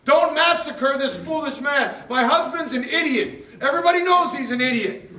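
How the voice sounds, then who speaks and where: A man's voice: extremely high pitch, lively intonation, moderate pace, pushed and bright, distant mic, heavily acted. A man preaching a sermon, voicing a wise wife who urgently pleads for mercy in an echoey room. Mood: pleading. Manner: urgent, imploring.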